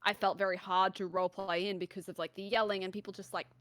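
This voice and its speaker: A woman guest on a casual Q&A stream, speaking earnestly with halting restarts. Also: medium pitch, flat delivery, a bit bright, no echo. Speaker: panel guest. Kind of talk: casual livestream Q&A.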